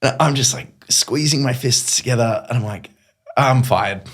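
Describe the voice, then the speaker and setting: An animated middle-aged man, a guest presenter who spins anecdotes at a brisk clip, jumping between ordinary talk and acted-out quotes of himself. His voice sits in a moderate register and moves freely. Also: mid-range voice, slightly rough. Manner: animated, quick, acts out his own past lines. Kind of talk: conversational storytelling.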